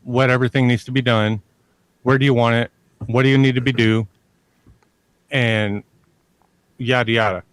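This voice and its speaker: A man's voice: medium pitch, steady tone, moderate pace, pauses often, no room sound. A man telling a long personal story as a podcast guest. He rambles, repeats himself and curses freely. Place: lives near a large army base in Texas.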